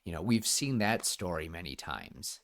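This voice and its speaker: Deep-voiced yet fairly bright in tone, a young man co-hosts a podcast at normal speed, sounding very animated. The chat is casual and enthusiastic, meandering through plenty of fillers and restarts.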